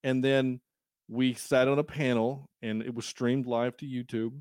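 A man's voice: mid-range voice, level tone, unhurried, darkish tone, clear, resonant tone, dry recording. Male podcast host, casual, rambling, self-deprecating; dry close mic.

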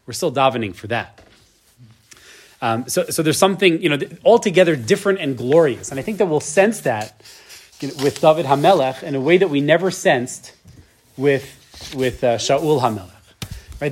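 A man's voice: fairly high pitch, husky. A man teaching a Torah class in a conversational way, often checking in with "right?" and building to emotional emphasis. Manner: conversational, tags many points with "right?". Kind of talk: lecture class.

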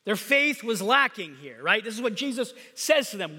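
Pastor guy preaching, chatty then fired up, bright sharp voice. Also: high-pitched, a little fast, hardly any pauses. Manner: conversational, animated storytelling, rising to fervent emphasis. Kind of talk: sermon. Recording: long hall reverb.

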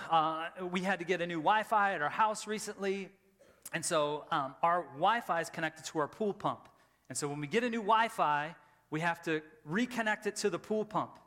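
High, bright-voiced man preaching in a hall. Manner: conversational storytelling, swings from loud emphasis to hushed tones. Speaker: pastor. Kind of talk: sermon. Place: church sanctuary. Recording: reverberant church hall.

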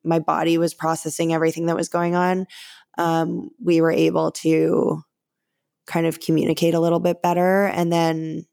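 A woman's voice: low-pitched, completely flat delivery, moderate pace, creaky, a little mellow, clear, resonant tone. A woman co-hosting a podcast, telling a personal story openly with many fillers. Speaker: podcast co-host. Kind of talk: casual chat.

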